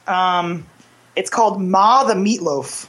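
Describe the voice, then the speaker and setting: A pregnant woman co-hosting a casual beer tasting stream, describing the beers flatly and showing exasperation at her co-host. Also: medium pitch, slow, husky. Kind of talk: casual beer review chat.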